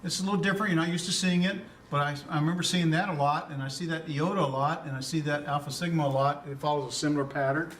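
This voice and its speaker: A man's voice: on the high side, steady tone, quick pace, hardly any pauses, a bit bright, far from the mic, a little hiss or hum. A man teaching an introductory Greek class in a conversational lecture style, quizzing students and chuckling at his own puns. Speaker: Greek instructor.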